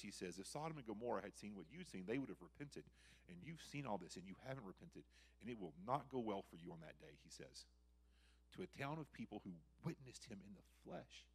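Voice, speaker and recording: A man preaching a sermon in a church, conversational and animated, acting out quotes from the text. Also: fairly low pitch, slightly rough. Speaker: guest preacher. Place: church sanctuary.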